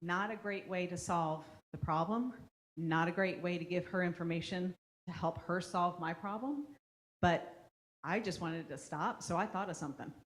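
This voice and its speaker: A woman's voice: fairly low pitch, normal speed. A woman leading a parent workshop in a school room, talking conversationally to the audience and checking in with a frequent "okay?" as she acts out what kids and parents say. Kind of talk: interactive parent workshop talk.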